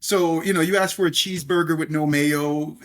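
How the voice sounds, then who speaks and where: A man's voice: on the high side, steady tone, a little fast, fairly bright tone. A middle-aged man, a podcast guest, telling stories in a chatty, anecdotal way and often adding "if you will". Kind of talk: casual storytelling interview.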